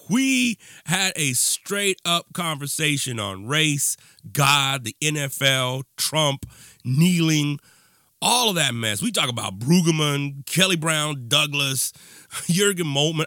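Male podcast host, passionate rant, bright forceful tone, dry close mic. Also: fairly high pitch, no echo. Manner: impassioned, ranting, conversational with fillers. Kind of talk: monologue podcast intro.

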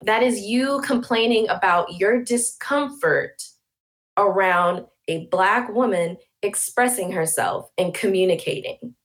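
A woman's voice: medium pitch, unhurried. A woman speaking as a podcast guest, passionate and emphatic, building her points with rhetorical questions. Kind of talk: conversational interview.

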